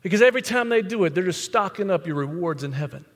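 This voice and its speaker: A man with a high voice preaches a sermon in a blunt, conversational way, throwing questions at the congregation. His voice carries a long reverb from the church sanctuary. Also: animated, quick pace, fairly bright tone. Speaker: pastor.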